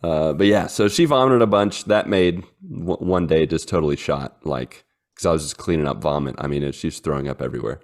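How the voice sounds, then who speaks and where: Podcast co-host, man, 30s, very low voice, chatty storyteller with lots of fillers. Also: brisk. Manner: rambling storyteller, many fillers, acts out his dogs in silly voices. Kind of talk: casual chat.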